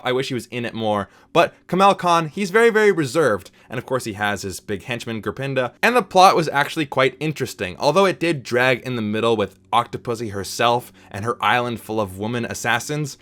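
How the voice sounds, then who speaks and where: This is a man talking through a film review in a relaxed, conversational way. He sounds opinionated and chatty, often breaking off with asides to the viewer. His voice sits at an ordinary middle pitch. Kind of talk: casual spoken film review.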